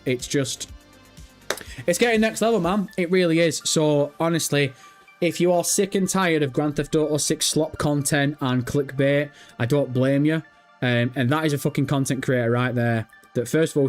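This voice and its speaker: A man with a British accent hosting a live stream, chatting casually, excitable and swearing freely as he banters with his audience. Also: mid-range voice. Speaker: livestream host. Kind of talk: casual livestream chat.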